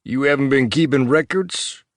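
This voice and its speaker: A man's voice: mid-range voice, normal speed, no echo, studio quality, lightly acted. A man voicing a swaggering, menacing male police officer with a put-on drawl. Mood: commanding. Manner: drawling, movie-style commanding tone.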